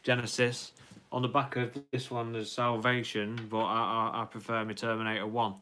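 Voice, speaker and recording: A man's voice: mid-range voice, little pitch movement, moderate pace, bright, forceful tone, clean tone. A young man hosting a casual live stream, reading out viewer comments in a rambling way with many ums and restarts.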